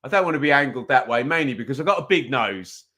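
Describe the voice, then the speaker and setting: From a home streaming setup, a man hosts a live football watch-along, speaking into a desk microphone in a bright, forward, mid-pitched voice. He's expressive and fast, chatting loosely, reading viewer comments and slipping into casual play-by-play.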